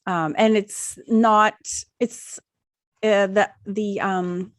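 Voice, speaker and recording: A middle-aged woman co-hosting a podcast in casual chat, rambling and animated with many restarts. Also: medium pitch, very slow, dry recording, clean studio sound. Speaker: podcast co-host.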